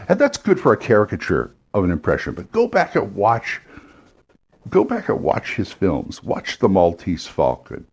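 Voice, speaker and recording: A man's voice: fairly low pitch, huge pitch swings, breathy edge. A man who runs role-playing games gives casual, rambling advice on doing voices and accents, often restarting his sentences. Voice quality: rambling, with restarts and quick demos of impressions and accents. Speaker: game master.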